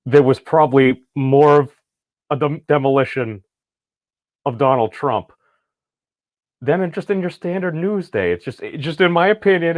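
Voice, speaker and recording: A man's voice: a little high, no echo, clean studio sound. A middle-aged man hosting a casual online commentary video, talking in rambling, wry asides.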